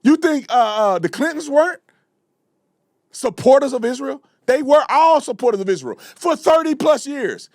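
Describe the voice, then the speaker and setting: Male commentary host, very high, animated voice; fiery, slangy ranter. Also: moderate pace, no echo, studio quality. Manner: fiery, ranting, repeats himself, slangy. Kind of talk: heated reaction commentary.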